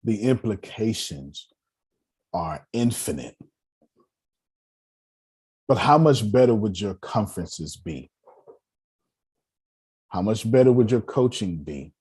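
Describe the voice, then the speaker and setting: A man's voice: lowish voice, very animated, slow, pauses often, a little mellow, slightly rough. A man coaching a group on a call, talking in an emphatic, repetitive, preacher-like cadence. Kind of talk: motivational talk.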